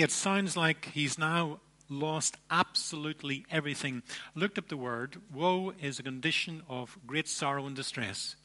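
A man preaching a sermon, emphatic, with dramatic pauses and repeated phrases. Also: a little high, pushed and bright. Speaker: pastor.

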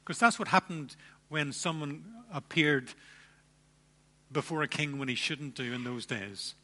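A man preaching a sermon, emphatic, with dramatic pauses and repeated phrases. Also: fairly high pitch, bright, forceful tone. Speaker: pastor.

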